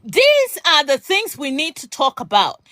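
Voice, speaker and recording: A woman argues with emphatic, rhetorical force in a live discussion. Her voice sits high and bright, with wide swings of pitch. The sound is close and dry, with no room around it. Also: huge pitch swings, unhurried, no echo. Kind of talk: impassioned debate.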